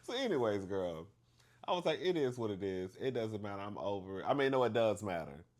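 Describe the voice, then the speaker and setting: A man telling a story to the camera in a chatty, animated way, acting out the dialogue with big emphasis and calling the listener "girl". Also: lowish voice, brisk. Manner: acts out dialogue with exaggerated emphasis.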